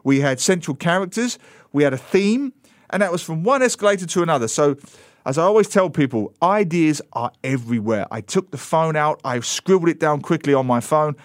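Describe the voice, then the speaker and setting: A middle-aged man, a book author as the radio interview guest, telling an animated story and slipping into voices for quoted people. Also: a little high, fairly quick, dry recording, studio quality. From Britain.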